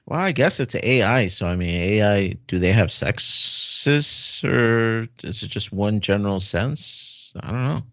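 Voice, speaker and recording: A man's voice: on the low side, animated, a little slow, few pauses, a bit bright, no room sound. A man co-hosting a podcast in casual chat, laid-back and asking questions. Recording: dull dry lo-fi recording.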